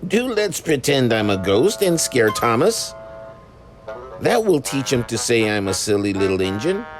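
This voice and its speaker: A man's voice: mid-range voice, sing-song, unhurried. A man voicing a cheeky, mischievous young male tank engine in a storybook tale. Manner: mischievous, playful. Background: background music.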